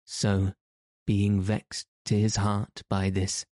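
A man reading a story aloud as the audiobook narrator, in a measured, even manner. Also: on the low side, dry recording, studio quality. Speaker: audiobook reader. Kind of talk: scripted narration.

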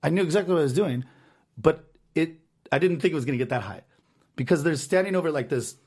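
A young man co-hosting a podcast, telling a profane, animated story full of acted quotes. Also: fairly high pitch, fast, husky. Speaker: podcast co-host. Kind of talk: casual storytelling chat.

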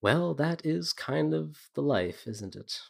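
A man's voice: fairly high pitch, expressive, takes it slowly, vocal fry. A man narrating as a game master of a tabletop role-playing game, describing scenes with frequent fillers.

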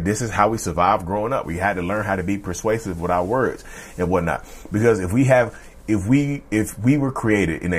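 Husky-voiced man talking casually. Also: lowish voice. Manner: loose and conversational, often repeats himself and asks "you see?". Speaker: vlogger discussing narcissism. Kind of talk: casual direct-to-camera monologue.

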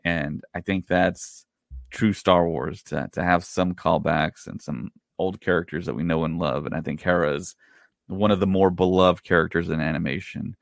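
A man's voice: low-pitched, fairly even intonation, normal speed, vocal fry, no room sound, studio quality. A man chatting casually as a podcast co-host, sharing trivia with enthusiasm. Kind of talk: casual fan chat.

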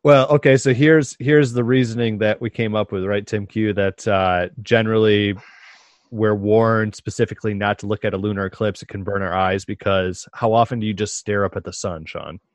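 A man with a lowish voice chats loosely in a casual podcast and keeps posing questions to the group. His tone is conversational and curious. The mic is close and dry. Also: fairly even intonation, normal speed, dry recording. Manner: chatty, questioning.

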